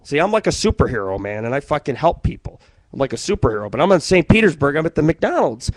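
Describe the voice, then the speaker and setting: A man hosting an internet radio show, telling stories in a profane, rambling way and jumping between loud outbursts and muttering. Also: a little high, big pitch swings, fast talker, dry recording. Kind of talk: rambling live-stream monologue.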